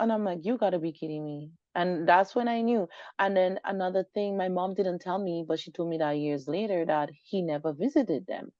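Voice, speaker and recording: She's an interview guest with a voice on the low side and a normal speaking speed. Telling a personal story, she gets animated and acts out what people said, all in a dull, dry lo-fi recording.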